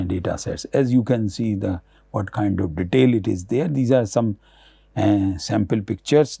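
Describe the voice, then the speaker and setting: A man giving a recorded academic lecture, halting often with fillers and restarts. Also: lowish voice, gravelly, warm tone, slightly rough, dry recording, clean studio sound.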